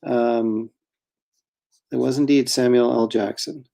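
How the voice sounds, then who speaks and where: A man's voice: mid-range voice, fairly even intonation, slow pace, creaky, dark tone. A middle-aged man, a comic artist, chatting casually while drawing, rambling and self-deprecating with frequent chuckles.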